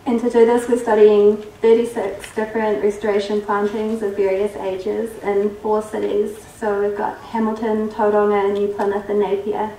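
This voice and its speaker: Kiwi woman giving a research talk, voice going a bit, flat mellow tone, echoey far-off mic. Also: mid-range voice, a little hiss or hum. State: losing her voice. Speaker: workshop presenter. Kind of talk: research presentation to an audience. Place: workshop hall. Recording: roomy distant hall recording.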